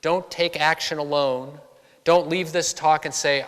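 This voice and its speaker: A man's voice: fairly high pitch, a little slow, clear, resonant tone. Man telling stories in a reverberant hall. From Boston area, USA. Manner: animated storyteller, acts out quoted voices. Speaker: author giving a public talk. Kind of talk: storytelling speech to an audience. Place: church hall.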